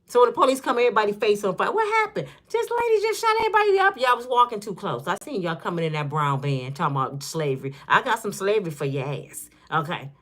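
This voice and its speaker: A woman's voice: on the low side, quick pace, hardly any pauses, a bit bright. A woman in her fifties hosting her own channel, talking in a casual, joking way and acting out little scenes as she goes. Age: 50s. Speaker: channel host. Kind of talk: casual commentary vlog.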